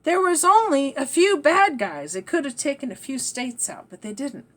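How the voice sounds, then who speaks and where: A woman's voice: high voice, sing-song, normal speed. A woman vlogger talking in a rambling, emphatic monologue that trails off and restarts. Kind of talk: rambling spiritual-political monologue.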